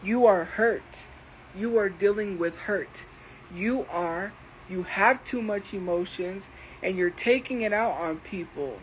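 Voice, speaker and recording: A woman livestreamer talking slowly and deliberately as she defends herself against commenters in her chat. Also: medium pitch, slight background noise, rough recording. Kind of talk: live stream talking to chat.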